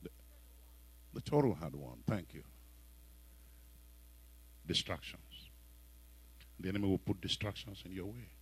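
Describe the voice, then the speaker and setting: A man with a Nigerian accent preaching a sermon, telling stories and breaking into sudden loud exhortations. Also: sits low, expressive, measured pace, long pauses, slightly rough, low-quality recording.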